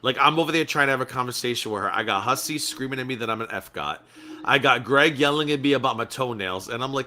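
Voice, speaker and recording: A man's voice: medium pitch, lively intonation, fast talker, bright, forceful tone, slight background noise. A man from Florida hosting a live call-in stream, gossiping and mocking with frequent laughs. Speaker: host.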